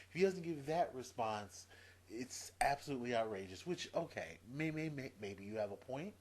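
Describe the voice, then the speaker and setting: Exasperated and swearing, a male video blogger rants his opinions to the camera, going over the same points again and again. His intonation is lively and his pace a little slow, shifting from muttering low to loud.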